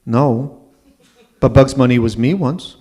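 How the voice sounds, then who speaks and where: A man impersonating a dry, wisecracking elderly male comedian with slow, drawling quips. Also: mid-range voice, mellow, husky.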